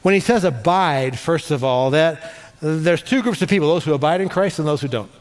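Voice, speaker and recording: A man pastor preaching a sermon in an animated way, repeating phrases for emphasis, in a large church hall. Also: a little high, normal speed. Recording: long hall reverb.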